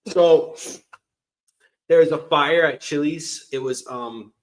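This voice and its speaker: A man's voice: a little high, slow pace, low-quality recording. A man joining a casual livestream, telling an anecdote in a wry, offhand and guarded way.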